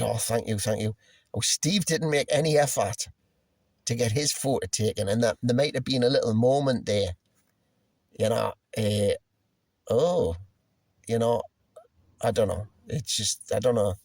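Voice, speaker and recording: A man's voice: fairly low pitch, vocal fry, a little mellow, dry recording, clean studio sound. A man casually telling a personal story, rambling and swearing, with lots of restarts and fillers. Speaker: musician telling a personal anecdote.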